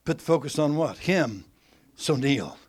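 Fairly high-voiced man preaching a lively sermon. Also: a little slow, breathy edge. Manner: animated teaching with grammar examples, shifting between loud and soft.

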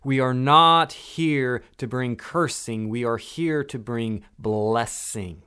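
A man preaching a sermon, swinging between soft, hushed lines and loud, emphatic ones. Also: medium pitch, takes it slowly, few pauses, clear, resonant tone. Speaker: pastor.

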